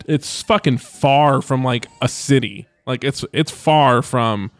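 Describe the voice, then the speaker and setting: A man's voice: mid-range voice, dry recording. A man co-hosting a podcast, swearing freely and rambling in casual chat. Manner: profane, rambling, drawn-out. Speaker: podcast co-host.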